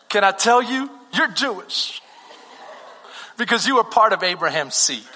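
A man preaching a sermon with fervor, firing off rhetorical questions and emphatic declarations. His voice is unusually high and bright. A long hall reverb trails behind each phrase. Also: expressive, measured pace, long pauses. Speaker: pastor.

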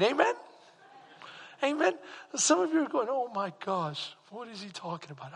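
Male pastor, high ringing voice, sermon in a reverberant church hall. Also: gravelly, slightly rough. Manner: animated preaching with rhetorical questions to the congregation.

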